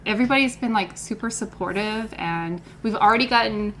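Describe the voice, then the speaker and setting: A woman's voice: medium pitch, brisk, fairly bright tone, a little hiss or hum. A woman co-hosting a podcast in bubbly casual chat, full of fillers. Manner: bubbly, uses lots of "like" and "um". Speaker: podcast co-host.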